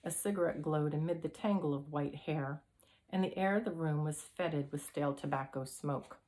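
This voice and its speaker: Low-voiced woman reading a classic mystery. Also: normal speed, warm tone. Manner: reads aloud with occasional throat-clearing. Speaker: audiobook reader. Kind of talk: storybook narration.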